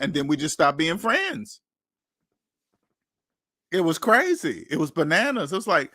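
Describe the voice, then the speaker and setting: Man, live stream host, casual chat, fairly high voice, repeats himself, dry close sound. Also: unhurried, long pauses, dry recording. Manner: animated, repeats himself, acts out quoted friends. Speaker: channel host answering chat.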